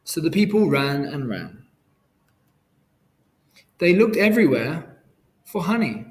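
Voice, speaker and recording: Man slowly reading a children's story. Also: a little high, sing-song. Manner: clear, careful reading. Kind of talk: children's story read aloud.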